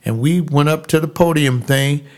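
An older man who is a pastor speaks in a higher-pitched voice, slowly and emphatically telling a story about himself. He repeats his phrases and climbs into a preaching style.

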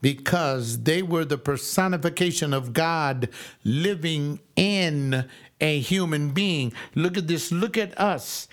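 A male preacher delivering a sermon in a folksy, emphatic way, slowing down to stress key phrases. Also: fairly high pitch.

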